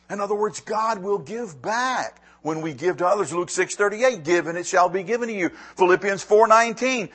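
A man preaching a sermon, reading scripture slowly and with emphasis, with quick spoken asides to the congregation. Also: sits high, a bit bright. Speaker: pastor.

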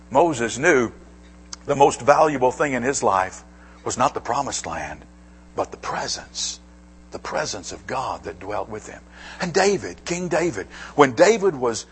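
A male pastor preaching a sermon, dropping to hushed asides and rising to emphatic declarations. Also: mid-range voice, slightly rough.

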